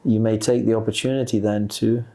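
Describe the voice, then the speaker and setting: A man as a podcast guest, earnestly explaining ideas about the soul, pausing and restarting as he thinks. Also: fairly low pitch, flat delivery, warm tone. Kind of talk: spiritual discussion.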